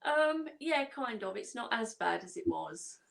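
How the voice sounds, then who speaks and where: British woman guest, gravelly, slow, soft-spoken, distant. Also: fairly high pitch, sing-song, crowd noise. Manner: soft-spoken, laughing, brief replies. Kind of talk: casual live-stream chat.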